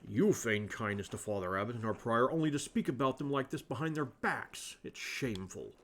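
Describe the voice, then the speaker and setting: A man voicing a prim, pious monk who lectures and scolds in a lowered solemn voice. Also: animated, fairly quick, natural voice. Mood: scolding.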